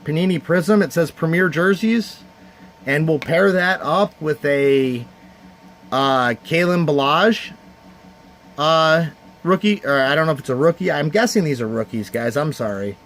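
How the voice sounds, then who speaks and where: Man hosting a casual stream auction, a touch high-voiced, earnest and rambling, with light background hum. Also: a little slow, fairly bright tone. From Cleveland area, United States. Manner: heartfelt and rambling, thanking viewers by name. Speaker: livestream host running a charity card auction. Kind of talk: casual livestream chat.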